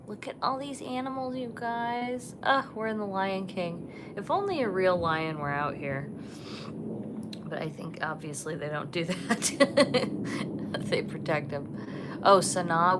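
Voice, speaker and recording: A woman hosting a casual livestream from a resort balcony, chatting softly and gushing over the animals she sees. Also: sits low, noisy background. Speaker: vlog host. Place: resort balcony overlooking savanna, outdoors.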